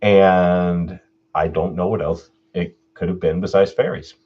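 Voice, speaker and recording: A man hosting his own live stream Q&A, telling a personal story in a laid-back way, swearing freely and getting animated when he retells what people said. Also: low-pitched, measured pace, husky, highs cut off. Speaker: channel host doing a live stream Q&A.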